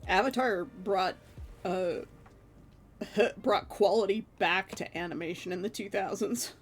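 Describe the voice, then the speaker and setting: A woman in her thirties chatting casually with her stream viewers, animated and laughing often. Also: medium pitch, a little slow.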